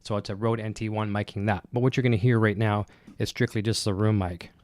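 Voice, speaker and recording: This fairly quick, fairly low-voiced man keeps a steady tone as he hosts a guitar gear livestream from his home studio despite a cold. Heavy breathing accompanies loose, rambling chat packed with fillers and restarts as he reads viewer comments. He's on a dynamic broadcast mic held close.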